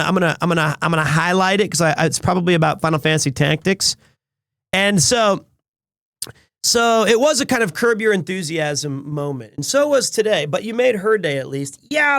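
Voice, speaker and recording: High-voiced man chatting on stream. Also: fairly bright tone, no echo, clean studio sound. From United States. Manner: rambling storyteller with frequent restarts. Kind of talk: casual stream chat.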